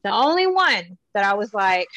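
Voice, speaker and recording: A woman from Corpus Christi, Texas, co-hosting a casual pop-culture podcast, talking in an animated, gushing way with lots of fillers. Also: medium pitch, normal speed, no echo, low-quality recording. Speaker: podcast co-host.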